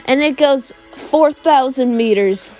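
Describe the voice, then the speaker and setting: A woman's voice: high-pitched, slow pace, darkish tone, faint music behind. A woman improvising a comedic fan-fiction story, narrating in a rambling way with frequent fillers.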